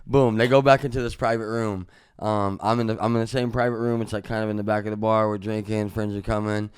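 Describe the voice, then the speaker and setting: A man from Missouri, a musician guest on a podcast, telling a story in a casual, profane way. He jumps into loud re-enactments of what was said. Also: lowish voice, little pitch movement, quick pace, smooth, no echo, clean studio sound. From Missouri, USA.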